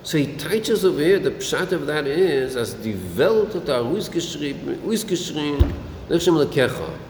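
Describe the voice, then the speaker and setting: With lively intonation, a slightly high, darkish voice, and a moderate pace, a male Torah teacher conducts a Talmudic-style lesson in a study hall. He questions his students, using Yiddish and Hebrew terms along the way. The room is echoey, and an air conditioner hums faintly.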